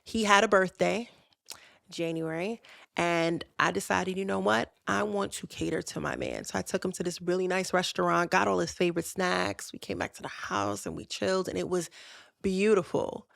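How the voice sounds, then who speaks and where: A woman's voice: fairly low pitch, lively intonation, moderate pace, creaky, a bit bright, dry recording, clean studio sound. A young woman podcast host casually telling a personal story, candid and chatty, speaking straight to her listeners. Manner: candid, conversational, addresses listeners directly.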